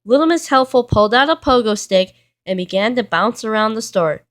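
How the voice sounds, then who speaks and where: A woman reading a children's storybook aloud in a plain, steady way. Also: a little high, a little fast. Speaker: reader.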